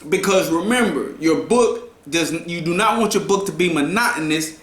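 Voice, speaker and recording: A man's voice: on the high side, fairly bright tone. Guy explaining writing tips, says "right?" a lot, echoey room. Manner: slow, repetitive, checks in with "right?". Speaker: writing coach. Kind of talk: casual writing lesson.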